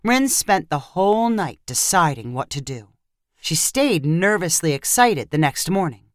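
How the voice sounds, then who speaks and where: A woman narrating a short story in a scripted way, expressive and acting out the characters. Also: on the low side, unhurried, no echo, studio quality.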